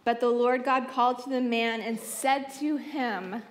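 A young woman with a high, bright-sounding voice preaches from a conference stage. She reads scripture and retells it like a story, moving between lively, playful asides and soft, almost hushed moments. Her delivery is warm in pacing and personal. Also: unhurried. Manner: expressive storytelling, drops to soft hushed tones. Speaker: youth conference speaker. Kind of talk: sermon, Bible teaching.

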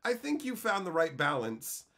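Animated, profane man chatting to his stream. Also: a little high, normal speed. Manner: animated and profane, bursts into loud exclaiming. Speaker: streamer answering chat. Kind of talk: casual live-stream chat.

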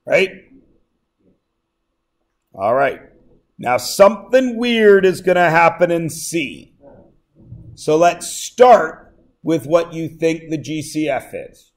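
Slow-talking jokey male math teacher. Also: fairly high pitch, expressive. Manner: jokey, keeps checking in with the class. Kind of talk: classroom lecture. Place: classroom.

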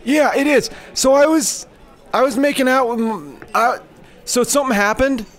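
A man's voice: moderate pace, background noise. A man voicing a nervous, awkward young man who talks in a flustered, rambling way. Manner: flustered, rambling, high-pitched.

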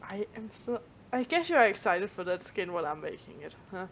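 A woman's voice: medium pitch, big pitch swings, fairly quick, lo-fi sound. A woman gamer in casual chat, swearing casually and acting mock-annoyed.

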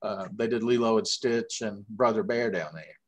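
A middle-aged man from Georgia with a Southern accent, telling long, animated anecdotes full of fillers in a casual interview. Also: lowish voice, normal speed. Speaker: guest puppeteer.

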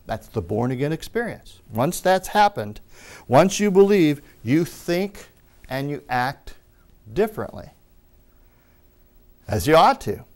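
A man's voice: a little high, sing-song, takes it slowly, pauses often. A man preaching a teaching sermon, emphatic and repeating amen with enthusiasm, with wry asides and small jokes.

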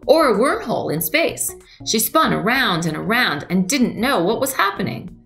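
A museum storyteller and craft presenter reads a story to young children, then gently and patiently guides them through a craft. She has a lowish, gravelly voice, with soft music playing faintly in the background.

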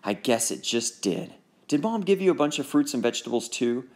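A man voicing a cheerful, bold young girl with a playful, bright way of talking. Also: medium pitch, big pitch swings, a little fast.

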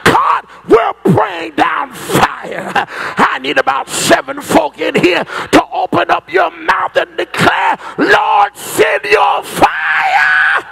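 Hoarse church preacher guy, high gravelly voice, drawn out and hollering. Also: slow, few pauses. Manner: shouting, chanting preaching cadence. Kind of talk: fiery Pentecostal sermon. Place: large church sanctuary.

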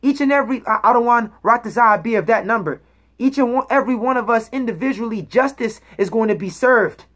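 A woman's voice: fairly high pitch, expressive, a little fast, fairly bright tone. Emphatic woman preaching a bible study. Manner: emphatic, checks in with "okay?" and "all right?"; reads scripture aloud and explains words. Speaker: bible teacher.

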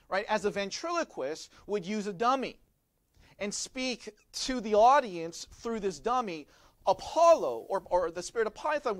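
A man's voice: high-pitched, dry recording. A man preaching a sermon as pastor, explaining in a teaching manner and often turning to the listeners with rhetorical questions.

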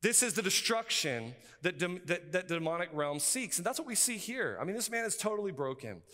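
A male pastor, preaching a sermon in an energetic, conversational way with frequent asides. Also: high-pitched, a little fast. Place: seminary chapel. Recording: reverberant hall.

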